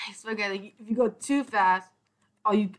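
Young woman gamer, rambling let's play chatter, mid-pitch, keeps groaning at the game. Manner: exasperated, rambling, mock-cursing at the game. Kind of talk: casual gameplay commentary.

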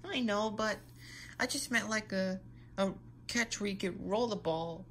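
A woman's voice: medium pitch, unhurried, a bit bright, a little hiss or hum, lightly acted. A woman playing a caring, motherly girl superhero who encourages her little sister, in a fan role-play. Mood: gentle, encouraging.

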